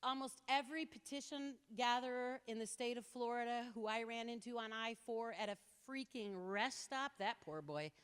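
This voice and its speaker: A woman giving an impassioned talk to an audience, telling stories with lively quoted voices. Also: a little high, normal speed, few pauses, clear, resonant tone. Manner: animated storytelling with quoted voices. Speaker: speaker. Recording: reverberant hall.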